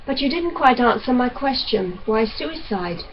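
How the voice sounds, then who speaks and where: A woman reading the part of a young doctor who speaks in a measured, reasonable, coaxing way. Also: on the high side, expressive, lo-fi sound, a little hiss or hum. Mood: calm. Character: calm, steady young male doctor.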